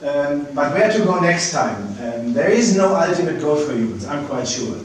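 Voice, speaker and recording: A man's voice: on the high side, lively intonation, slight background noise. Hesitant man lecturing in a very echoey hall. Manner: hesitant, many pauses and restarts. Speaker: space agency director giving a public lecture. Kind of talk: public lecture with slides. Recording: very echoey hall, mic at a distance.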